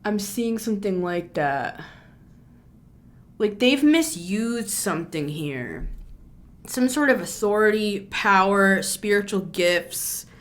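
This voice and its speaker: A woman's voice: mid-range voice, lively intonation, takes it slowly. Chatty, blunt woman tarot reader. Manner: chatty and blunt, heavy on fillers, occasional swearing. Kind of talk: casual spoken tarot reading.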